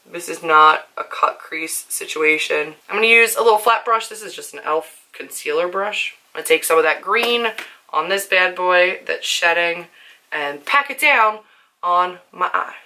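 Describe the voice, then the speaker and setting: A young woman with a hoarse, worn-out voice, chatting casually to camera about her makeup, nervous and full of "like" fillers. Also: fairly low pitch, lively intonation, moderate pace, pushed and bright. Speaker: book and beauty vlogger.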